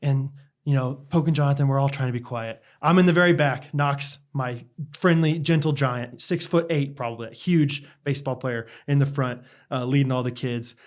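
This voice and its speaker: A man's voice: mid-range voice, moderate pace. A young adult man co-hosting a podcast, telling a casual story with lots of laughter and "like". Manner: animated, laughing, heavy use of "like". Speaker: podcast co-host.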